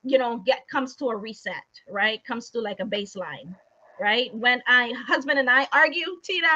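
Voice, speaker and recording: A woman guest in casual chat who laughs often and explains ideas in quick lists. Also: a little high, bright, forceful tone. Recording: dull lo-fi sound.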